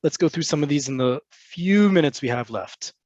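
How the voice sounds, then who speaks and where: A man gives an online lesson in a somewhat high voice, explaining with plenty of ums. His audio is dull and dry, like a computer mic on a video call. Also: animated, moderate pace, darkish tone, no echo. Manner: explanatory, frequent fillers. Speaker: Hebrew language teacher. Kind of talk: webinar lesson answering questions.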